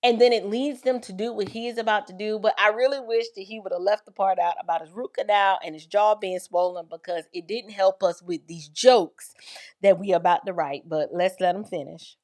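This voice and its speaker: A woman's voice: medium pitch, fairly quick, a little mellow. A woman hosting an opinionated commentary vlog, speaking with sarcastic, mocking emphasis. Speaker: commentary host.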